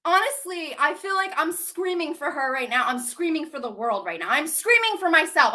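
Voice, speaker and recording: A woman's voice: high-pitched, very animated, moderate pace, hardly any pauses, sharp tone. A young adult woman talking to her viewers in an agitated, repetitive rant full of swearing and rhetorical questions. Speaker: channel host. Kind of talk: emotional monologue to camera.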